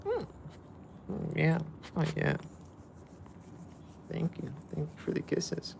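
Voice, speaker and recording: Male vlogger, gravelly voice, lively pitch, playful casual chat outdoors. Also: takes it slowly, noisy background. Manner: playful, talks to the dog. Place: outdoors with a dog.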